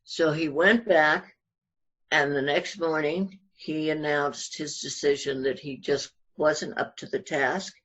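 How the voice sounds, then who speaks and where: A speaker telling a backstage anecdote in an unhurried, earnest way. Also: medium pitch, steady tone, fairly bright tone. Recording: dull lo-fi recording.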